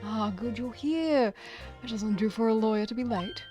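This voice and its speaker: A woman's voice: a little high, normal speed, mellow, soft background music, lightly acted. A woman reading aloud as a dignified middle-aged father, a professor, in a stately, fussy way. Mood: fatherly.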